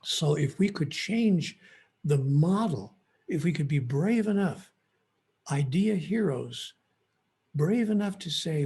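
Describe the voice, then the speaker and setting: Male author guest, fairly high voice, gravelly and husky, earnest and emphatic. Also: expressive, slow pace, darkish tone. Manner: earnest, emphatic, many restarts. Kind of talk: impassioned interview storytelling.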